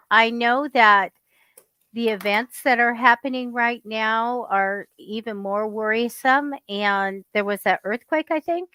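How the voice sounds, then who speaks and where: A woman from California chatting casually as a guest, telling stories in an animated way. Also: on the high side, clear, resonant tone, dry recording. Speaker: psychic guest. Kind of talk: casual chat.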